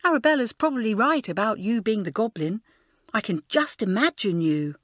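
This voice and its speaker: A woman's voice: a little high, animated, dry recording, studio quality, pitched above the performer's own voice. A woman reading an audiobook, voicing a headstrong schoolgirl who speaks crossly and sulkily. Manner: cross and sulky, quick to brighten. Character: headstrong, moody schoolgirl heroine. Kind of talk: audiobook character voice.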